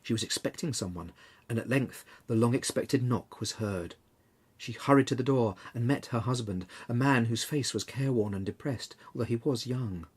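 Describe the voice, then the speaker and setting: Husky man reading a classic tale. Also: medium pitch, normal speed. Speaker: reader. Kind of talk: storybook narration.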